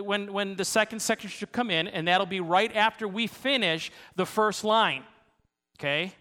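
A man's voice: sits high, lively intonation, measured pace, bright, forceful tone. A man preaching as a pastor, playfully self-deprecating as he coaxes the congregation into a sung round. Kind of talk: sermon with congregational song leading. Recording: long reverb of a large hall.

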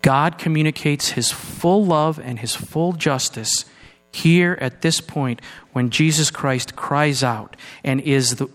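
A man preaching a sermon in a church, earnest, moving between raised urgency and low, hushed passages. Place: church sanctuary. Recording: long hall reverb with mains hum.

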